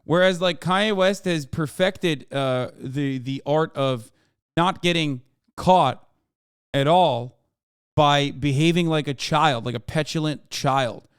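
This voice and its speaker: A man's voice: fairly high pitch, clean tone, no room sound, clean studio sound. A man in his thirties giving rambling, profane reaction commentary as a streamer. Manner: rambling, profane, quick asides.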